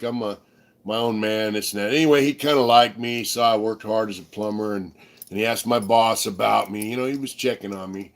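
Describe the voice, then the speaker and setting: Laid-back low-voiced middle-aged man. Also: steady tone, fairly quick. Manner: laid-back, profane, rambling with fillers. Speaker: livestream co-host. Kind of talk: casual storytelling chat.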